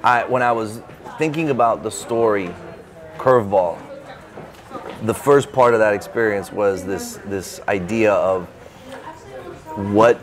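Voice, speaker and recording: A man, an author, telling an animated, casual story at a bookstore event, full of "like" fillers. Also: lowish voice, unhurried, long pauses. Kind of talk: casual anecdote in an interview.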